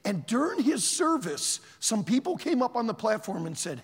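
A man in his sixties preaching a sermon, telling a story in a dramatic, animated way. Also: sits high, moderate pace, husky, in a large hall.

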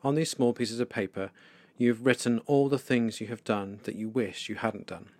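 A man leading a guided meditation for listeners, speaking slowly, calmly and softly with pauses. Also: medium pitch, no room sound. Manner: slow, calm, soft-spoken with pauses. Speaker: devotional leader.

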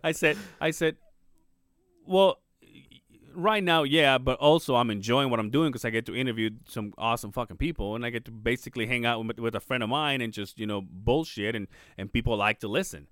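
A man's voice: medium pitch, brisk, a bit bright, no echo, studio quality. A man co-hosting a podcast, telling a long story in casual chat and acting out the people in it, swearing freely. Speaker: podcast co-host.

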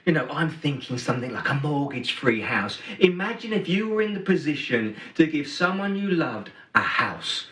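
A man's voice: on the high side, very animated, normal speed, few pauses. Man preaching in an echoey hall. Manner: storytelling, emphatic swings between loud and hushed. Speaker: pastor. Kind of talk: Christmas sermon. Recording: roomy hall, from a distance.

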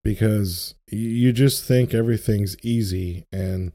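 A man's voice: lowish voice, normal speed, few pauses, warm tone. A young man in casual podcast chat, ranting with profanity and passion about his faith.

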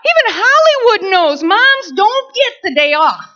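A woman preaching a sermon to women, lively and playful, acting out little scenes. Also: extremely high pitch, a little slow. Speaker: women's ministry speaker. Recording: dull lo-fi recording.

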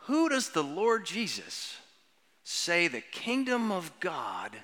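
A pastor with a fairly high, bright voice gives an earnest sermon. He stretches out key words and asks questions of the children. His voice rings through a church with a long reverb. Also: huge pitch swings, takes it slowly. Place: church sanctuary.

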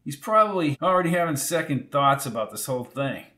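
A male narrator voicing a calm, reassuring middle-aged man. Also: fairly high pitch, fairly quick.

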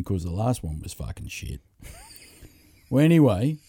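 A man's voice: low-pitched, very animated, measured pace, warm tone, breathy edge, no echo. A middle-aged man hosting a podcast, telling rambling, profane anecdotes in casual chat. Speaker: podcast host.

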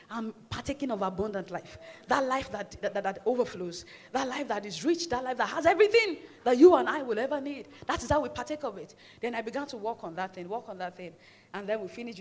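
A woman pastor preaching a fervent sermon in a church, urging the congregation to repeat after her and building to shouts. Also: sits high. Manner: fervent preaching with call-and-response, rising to shouts.

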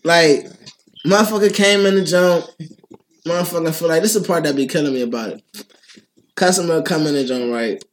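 A man with a notably high voice tells animated stories in casual podcast chat. His talk is heavy with profane slang, and he laughs his way through his own anecdotes. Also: brisk, long pauses, a little hiss or hum. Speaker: podcast co-host, phone store worker.

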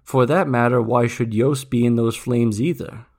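Male reader as a zealous lecturing monk, earnest and gravelly. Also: mid-range voice, steady tone, normal speed, a little mellow, natural voice. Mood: preaching. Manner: earnest, preachy, rising intensity.

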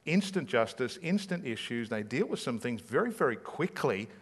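A man's voice: medium pitch, very animated, normal speed, slightly rough. A man, a pastor preaching a sermon in a conversational way, full of rhetorical questions.

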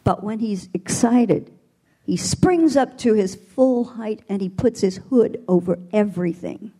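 A woman's voice: mid-range voice, a little slow, dark tone, breathy edge. An older woman voice teacher answers a panel question thoughtfully, explaining her methods with vivid imagery. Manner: thoughtful, demonstrative with vocal imagery.

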